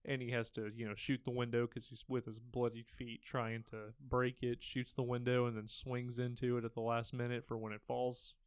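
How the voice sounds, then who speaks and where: Young male podcast co-host, smooth clean tone, dry close mic, loose chatty delivery. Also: mid-range voice, normal speed, few pauses, no room sound. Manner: relaxed, rambling retelling with fillers. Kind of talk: casual chat.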